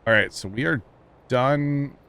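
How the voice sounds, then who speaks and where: A man's voice: mid-range voice, a little slow, creaky, pushed and bright, clean tone. A man with a Missouri accent hosting a gaming livestream, chatting casually and joking with a folksy drawl. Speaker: livestream host. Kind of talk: casual gaming stream chat.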